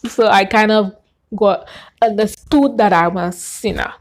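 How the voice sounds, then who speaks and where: A woman telling her personal faith testimony in an earnest, animated way, gasping and acting out what she said back then. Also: medium pitch, measured pace. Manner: earnest and animated, with gasps and acted-out quotes.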